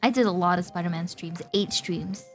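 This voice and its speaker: A woman's voice: fairly low pitch, normal speed, faint music behind. A young woman VTuber streamer chatting casually with her viewers, giggly and talkative, often laughing between phrases.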